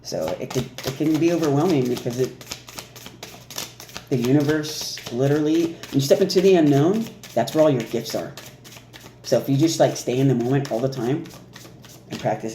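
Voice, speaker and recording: Male card reader, casual and animated, warm tone, faint hiss behind. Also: medium pitch, normal speed, long pauses. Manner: animated, laughing, mimics reactions. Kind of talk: casual spiritual card reading. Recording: echoey room with faint noise.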